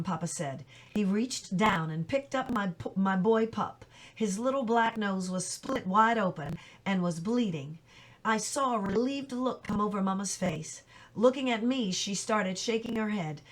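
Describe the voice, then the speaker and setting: A woman reading a novel chapter aloud in plain, steady storytelling, with small slips she corrects as she goes. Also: medium pitch, normal speed. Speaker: reader.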